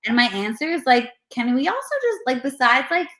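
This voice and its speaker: A woman's voice: sits high, a little fast. Earnest woman trainer in an echoey room. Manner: earnest, animated, many fillers like "like" and "you know". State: pregnant. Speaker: personal trainer, interview guest. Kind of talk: casual video interview.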